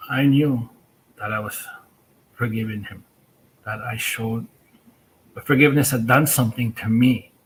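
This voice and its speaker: A man's voice: mid-range voice, a bit bright, a little hiss or hum, poor audio. A First Nations man, a guest on a talk show, earnestly and reflectively telling a personal story. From First Nations community. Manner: earnest, reflective, slow retelling.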